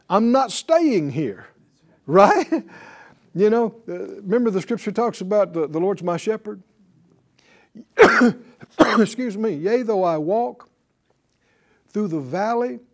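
A man preaching a sermon, quoting scripture, laughing at his own asides and acting out small dialogues. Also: high-pitched. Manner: lively, laughing asides, quotes scripture, acts out little dialogues.

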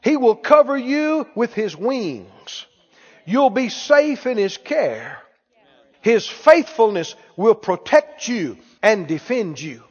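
A man preaches a sermon in a high, animated voice. He takes his time and rises to shouts as he leads call-and-response. The recording is dull and rings with a long hall reverb. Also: takes it slowly, husky. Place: church.

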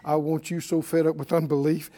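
A middle-aged man preaching a sermon, calling out to his congregation and swinging between loud declarations and quiet asides. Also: a little high, little pitch movement, brisk. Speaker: pastor.

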